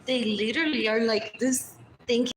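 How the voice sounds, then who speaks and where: A woman's voice: on the high side, moderate pace, slight background noise. A woman streaming live, rambling and repeating phrases over and over. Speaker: livestreamer. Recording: roomy echo with loud birdsong.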